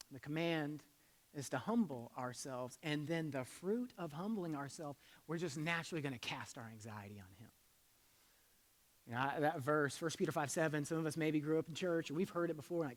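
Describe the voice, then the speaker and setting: Long hall reverb surrounds a male pastor giving a conversational sermon at normal speed, his voice on the high side. He alternates loud emphasis with quiet asides and draws the congregation into call-and-response.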